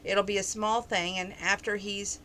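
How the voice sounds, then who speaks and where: A woman reading aloud as a young ranch woman who is grieving and pleading in a hurried, tearful way. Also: mid-range voice, level tone, bright, forceful tone, slight background noise, natural voice.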